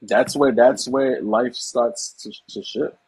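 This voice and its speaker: A man's voice: medium pitch, fairly even intonation, slow pace, darkish tone, breathy edge, poor audio. A man hosting a podcast in casual chat, talking emphatically with slang asides.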